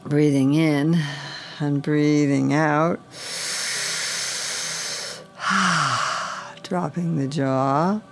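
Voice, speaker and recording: A woman guides a chakra meditation at a very slow, unhurried pace, with a gravelly edge to her voice. She gives soft breathing cues and intones mantras in a soothing manner. Gentle music plays faintly behind her. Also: low-pitched.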